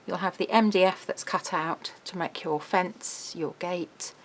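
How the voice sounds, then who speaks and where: A woman's voice: on the low side, steady tone. A middle-aged woman, presenting a craft album in a casual, bubbly walkthrough. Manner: chatty, bubbly, quick laughs.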